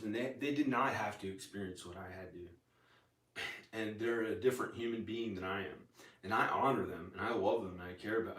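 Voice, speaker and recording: A man with a lowish voice rambles through a casual vlog, circling back and repeating his own lines. The sound is roomy and echoey, and he sits a little away from the microphone. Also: a bit bright, distant mic. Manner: meandering, repeats himself, many fillers and restarts. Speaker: vlogger.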